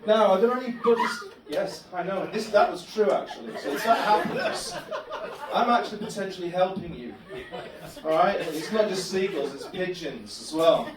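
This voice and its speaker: Comic doing stand-up, deadpan silly stories, fairly high voice, echoey club room, a bit far off mic. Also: male voice, normal speed, a crowd in the background. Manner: deadpan absurd storytelling. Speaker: stand-up comedian. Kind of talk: stand-up comedy set. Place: comedy club bar room.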